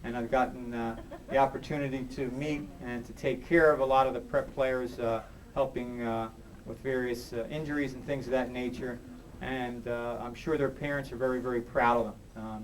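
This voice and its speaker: A man giving an earnest, halting acceptance speech full of thanks at an awards banquet. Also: mid-range voice. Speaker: award recipient. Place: banquet hall. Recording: distant mic in a noisy hall.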